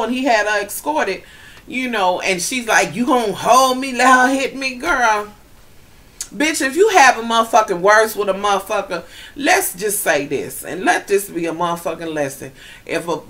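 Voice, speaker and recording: A woman vlogger giving a profane, gossipy casual recap, talking straight to her viewers and getting loud when she is riled up. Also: fairly high pitch.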